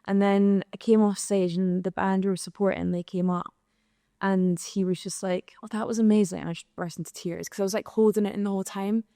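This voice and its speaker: Young Scottish woman, singer guest, animated candid storyteller; mellow tone, dry close sound. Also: medium pitch, a little fast, no echo. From Scotland. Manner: animated storytelling, acting out quoted exchanges. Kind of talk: candid panel conversation. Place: live podcast recording in an arts venue.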